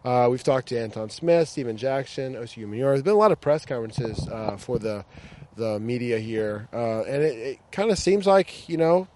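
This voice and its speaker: A man's voice: medium pitch, expressive, normal speed, darkish tone, a little hiss or hum. An American man hosting a casual sports podcast outdoors, upbeat and joking, with many fillers. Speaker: podcast host. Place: outdoors at a training ground.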